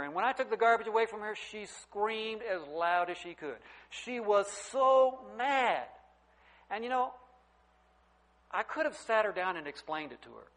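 Middle-aged preacher guy, kinda high voice, tells stories, gets loud then drops real soft. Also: poor audio. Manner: storytelling preacher, wide swings in loudness. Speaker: pastor. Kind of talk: sermon.

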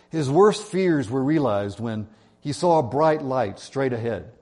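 A man's voice: medium pitch, a little mellow. Earnest male pastor preaching. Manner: earnest storytelling. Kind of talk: sermon.

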